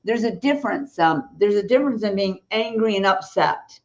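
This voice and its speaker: A woman speaks bluntly and with emphasis, giving spiritual teaching as a guest on a talk show. Her voice sits at a medium pitch and often breaks into short laughs between points. The recording sounds a little dull and lo-fi. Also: lively intonation, moderate pace, a little mellow, a little hiss or hum. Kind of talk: blunt preaching-style talk.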